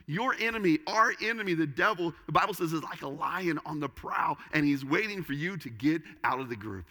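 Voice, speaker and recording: A male pastor preaching a sermon in a large sanctuary, his slightly high, bright voice carrying a long reverb. He tells the story dramatically, rising to loud calls and dropping to a hush. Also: lively intonation, brisk, hardly any pauses. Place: church sanctuary with an audience.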